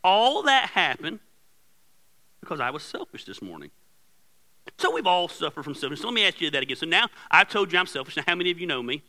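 Lively, bright-voiced pastor telling a story. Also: male voice, fairly high pitch, fast, poor audio. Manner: animated storytelling, acts out his wife's yelling. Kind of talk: sermon. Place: church sanctuary. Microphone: handheld or headset microphone.

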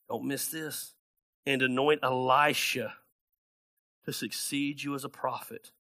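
A man preaching a sermon as pastor, animated and acting out the people in his Bible stories. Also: mid-range voice, normal speed, long pauses.

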